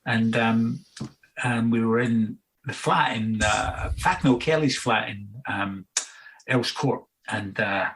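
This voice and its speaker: A man's voice: medium pitch, slow, fairly bright tone, slight background noise, low-quality recording. Scottish man in his sixties telling rambling stories. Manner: rambling anecdotal storytelling with frequent fillers. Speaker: guest musician. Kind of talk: casual interview chat.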